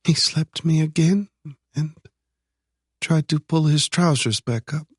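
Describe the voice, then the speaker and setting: A man reading an audiobook voices a frightened young woman held captive, speaking in a halting, trembling way. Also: fairly high pitch, husky, dry recording, clean studio sound, voice pushed up.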